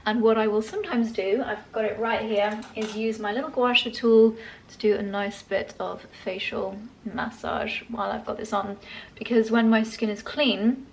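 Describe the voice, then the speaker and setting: A chatty woman talks casually in her home vlog. She gushes about products and laughs softly now and then, all while working through a facial massage. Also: a little high, steady tone, normal speed, slight background noise. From England. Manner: chatty and gushing, with soft laughs. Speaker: lifestyle vlogger.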